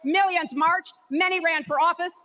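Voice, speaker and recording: A woman's voice: very high voice, fairly even intonation, normal speed, pushed and bright. An older woman giving a rousing convention speech in rhythmic oratory, played from a broadcast. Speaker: political speaker.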